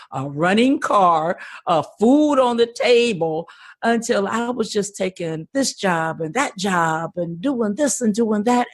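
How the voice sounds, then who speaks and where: A woman's voice: mid-range voice, no room sound, studio quality. An older woman talking earnestly and with passion as a podcast guest, often repeating words as she starts a thought. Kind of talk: conversational interview.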